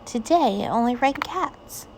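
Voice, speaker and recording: A woman voicing a cheerful, literal-minded housekeeper in a children's storybook, earnest and bright. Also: fairly high pitch, animated, a little slow, slight background noise, pitched above the performer's own voice.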